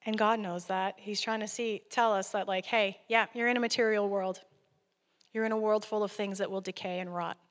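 A woman's voice: medium pitch, steady tone, normal speed. A woman preaching a guest sermon in an earnest, conversational way. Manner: earnest, conversational, laughing at times. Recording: long hall reverb.

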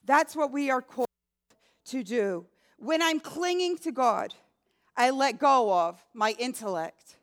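A woman's voice: high voice, lively intonation, measured pace. A woman preaching a sermon in an earnest, emphatic way, speaking prayers aloud as examples.

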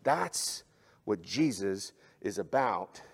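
A male pastor preaching a sermon, swinging between loud, emphatic exhortation and hushed, soft passages. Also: fairly low pitch, sing-song, slow pace, breathy edge.

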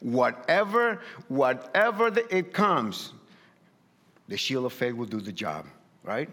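A man's voice: mid-range voice, big pitch swings, slow pace, fairly bright tone, big-room sound. A man preaching a sermon in a light accent, emphatic and repetitive, often restarting his phrases. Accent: non-native English. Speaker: pastor.

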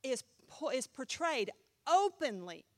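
A woman pastor teaches her Bible class, chatty and animated, and keeps asking the room questions. Her voice sits a little high. The recording is dry and close, with no room echo. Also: slow pace.

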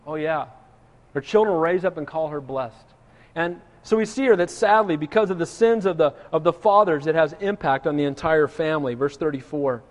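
Reading scripture and then unpacking it, a high-voiced pastor preaches earnestly and speaks straight to his congregation at a slightly fast pace. A long reverb surrounds his voice, suggesting a large hall.

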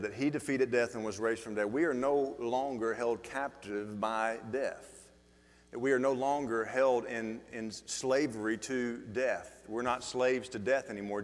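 A man preaching a sermon as pastor, asking the congregation questions and building from quiet reflection to emphatic delivery, with frequent restarts. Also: fairly low pitch. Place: church hall. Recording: long reverb of a church hall.

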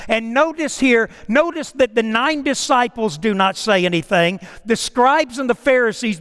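A man preaching a sermon as pastor, asking the congregation questions, repeating phrases for emphasis and dropping at times to a hushed near-whisper. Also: high voice. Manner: preaching with rhetorical questions and repetition; swings between raised exhortation and hushed near-whispers. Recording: reverberant hall.

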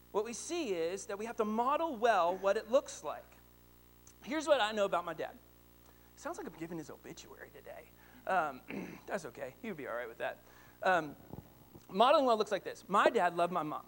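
A high-pitched male preacher in his thirties delivers a sermon full of family anecdotes. He tells his stories with animated energy and lively swings in volume. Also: slight background noise. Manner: animated storytelling, rising to excited shouts. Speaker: pastor.

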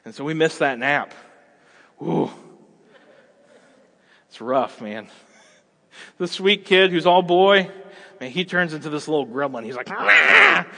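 A man in his thirties preaching a sermon as a pastor, conversational and animated, acting out everyday scenes. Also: on the high side, a little slow, pauses often, big-room sound.

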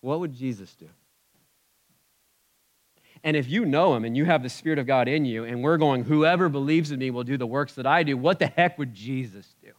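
Guy preaching a sermon, chatty and animated, mid pitch, goes loud then drops quiet. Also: normal speed. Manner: animated and conversational, swinging between loud emphasis and quiet asides. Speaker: pastor.

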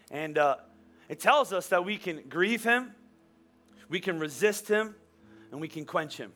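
A man in his forties preaching a sermon as a pastor, animated and storytelling with playful humor. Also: a little high. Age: 40s. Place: church. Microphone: wearing a microphone.

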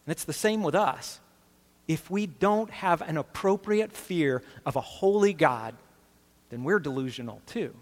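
A man delivers an earnest sermon, leaning on emphasis and asking his listeners rhetorical questions. His voice sits somewhat high for a man. The recording carries a long reverb tail, as if from a large hall. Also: expressive, measured pace. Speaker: pastor.

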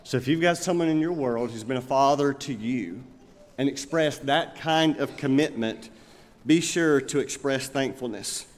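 A male pastor preaching a sermon, telling stories and slowing down to stress his points. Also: medium pitch. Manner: storytelling, emphatic, with slow pointed phrases. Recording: long reverb of a large hall.

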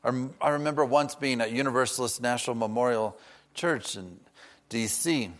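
An earnest man delivering a sermon at a middle pitch. He draws out key words for weight, then slips into easy, conversational asides. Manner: earnest, slows down for emphasis, chatty asides. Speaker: preacher.

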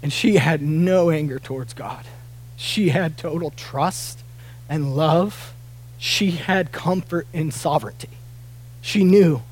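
A middle-aged man, a pastor preaching a sermon, earnest, dropping soft and near tears, then rising to loud emphatic peaks. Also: a little high, takes it slowly. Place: church auditorium.

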